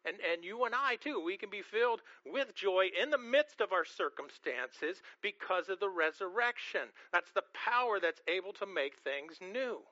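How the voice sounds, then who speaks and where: A man with a high, bright voice preaches an earnest sermon, often stumbling over and repeating the first word of a phrase. He asks his listeners questions as he goes. The sound is dry and a little dull. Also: lively intonation, normal speed, few pauses, no echo. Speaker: pastor.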